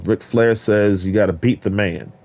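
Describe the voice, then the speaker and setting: A man's voice: lowish voice, moderate pace, darkish tone. A man streaming a game, talking straight to his viewers in a boastful, preachy, rambling way from a carpeted room. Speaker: gaming streamer. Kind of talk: rambling solo stream talk. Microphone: desk mic in a carpeted room.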